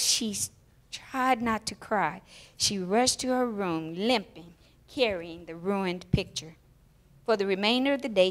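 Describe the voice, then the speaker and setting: A woman with a mid-range voice tells a children's story aloud at a church service, bringing expressive emotion to the storytelling.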